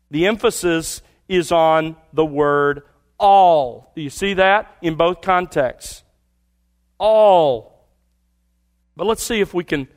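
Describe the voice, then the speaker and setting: Pastor, male, fairly high-pitched, emphatic sermon delivery with hushed drops. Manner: emphatic preaching, repeats key words, drops to quiet asides.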